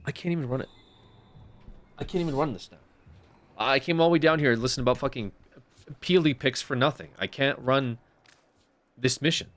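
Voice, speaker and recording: A man's voice: mid-range voice, brisk, long pauses, fairly bright tone. A young man giving casual commentary while streaming a game, often exasperated and swearing.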